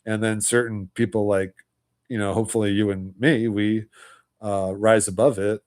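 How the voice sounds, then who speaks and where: A man's voice: fairly low pitch, darkish tone. A man hosting a livestream, talking in a casual, rambling way, filling his talk with "you know" and "like" and chuckling between points. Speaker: livestream host.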